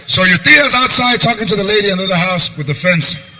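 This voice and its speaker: A male stand-up comedian telling animated family stories, mixing in Spanish phrases. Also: high voice, fast, noisy background.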